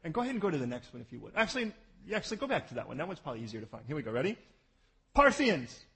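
Animated husky-voiced man preaching. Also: racing, rough recording. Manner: animated, jokey, swings from loud bursts to low asides. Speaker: pastor. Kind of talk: sermon.

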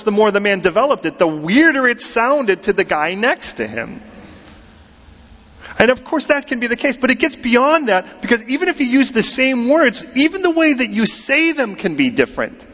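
American pastor guy, middle-aged, preaching casual and animated, kinda high voice, big echoey church, muffled sound. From United States. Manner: animated, conversational preaching with acted-out quotes. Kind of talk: sermon. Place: church sanctuary. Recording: muffled sound in a large reverberant hall.

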